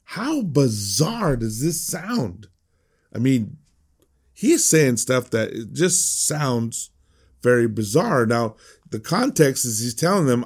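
A man's voice: medium pitch, sing-song, slow, breathy edge. A man preaching a conversational sermon as a pastor, emphatic and prone to repeating words.

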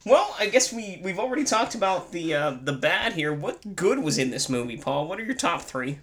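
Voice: medium pitch, sing-song, moderate pace, fairly bright tone. A podcast co-host sarcastically riffing through a film review in casual chat.

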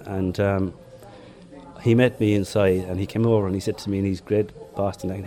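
Reminiscing about past races, this former marathon runner from Limerick, Ireland, chats easily and chuckles through his stories in an interview. The older man speaks briskly, his low, dark and soft voice showing little pitch movement.

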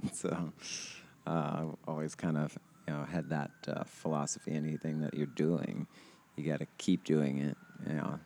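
A man's voice: rumbling low, flat delivery, normal speed, dark tone, a little hiss or hum. A man in his thirties chatting casually on a podcast outdoors, rambling with lots of fillers and restarts and laughing often. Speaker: podcast host. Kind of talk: casual chat.

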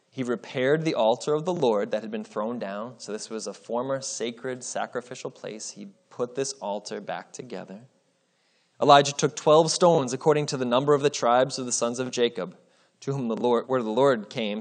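A man preaching, reading scripture aloud with expressive storytelling and casual asides. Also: medium pitch, moderate pace. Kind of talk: Bible reading with commentary.

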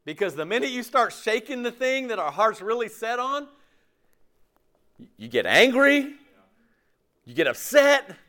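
A man's voice: very high voice, big pitch swings, measured pace, pauses often, pushed and bright. A pastor preaching a conversational sermon, acting out quoted voices as he goes.

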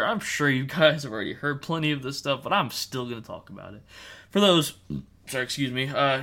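A man rants through his solo podcast in a bright, forceful voice that sits at an ordinary middle pitch. He fires off rhetorical questions and keeps circling back over his own words as he pushes his point. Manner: repeats and restarts words while ranting. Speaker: podcast host. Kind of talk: opinionated solo podcast rant.

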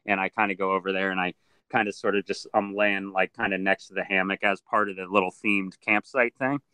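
Man, crocodile handler, lowish voice, bright and crisp tone, dry sound, animated storytelling with voices. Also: brisk, dry recording, low-quality recording. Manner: animated storyteller who acts out other people's voices. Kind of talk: casual interview storytelling. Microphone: video call.

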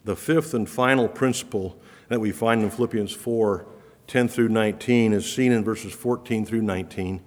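A man's voice: on the low side, normal speed, darkish tone. A man preaching a sermon, earnest and emphatic, his voice building on repeated promises. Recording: reverberant hall.

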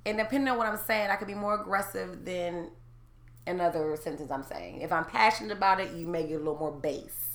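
A woman in her thirties telling a story in casual chat, loud, profane and animated, getting louder when heated. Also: on the low side, fairly quick, echoey room. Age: 30s.

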